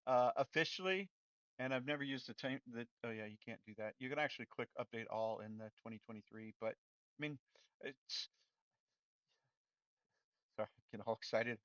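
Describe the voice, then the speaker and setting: A man streaming his programming work, talking casually and rambling, often cutting himself off and getting loud and worked up when he rants. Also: mid-range voice, normal speed, long pauses, dry recording, muffled recording. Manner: rambling and self-interrupting, turns loud and excited when ranting. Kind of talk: casual livestream chat while coding.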